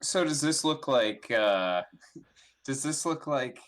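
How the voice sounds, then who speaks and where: A man taking his turn in a tabletop game, his pitch moving a lot as he talks. He speaks hesitantly, filling pauses with "uh." His voice sits at a middle height. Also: expressive, a crowd in the background. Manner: hesitant, lots of uh. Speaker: player. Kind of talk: casual chat at the game table.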